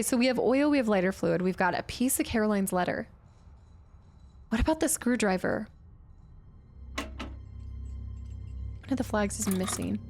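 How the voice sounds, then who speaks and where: A woman with a fairly high voice chats casually while streaming a game, thinking aloud as she works through puzzles. Her tone is relaxed and conversational. Faint game music plays behind her. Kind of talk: live gameplay commentary.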